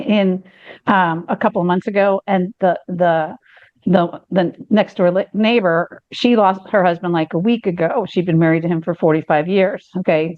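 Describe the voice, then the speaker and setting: A woman's voice: fairly low pitch, dry recording. Woman podcast host, rambling joke-teller with lots of fillers; dull, dry audio. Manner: rambling storyteller with many fillers and restarts. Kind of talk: casual chat, telling a joke.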